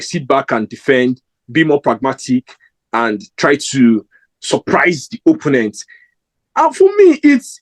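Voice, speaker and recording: A man's voice: fairly high pitch, rough recording. Rambling, emphatic young man vlogging. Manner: rambling, emphatic, many fillers and restarts. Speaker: football fan vlogger. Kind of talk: casual opinion vlog.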